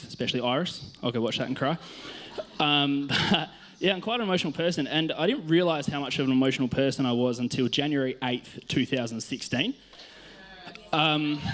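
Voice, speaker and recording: A man's voice: mid-range voice, fairly bright tone. An Australian man, a youth worker, telling stories in a casual sermon on a church stage, chatty and self-mocking, laughing often.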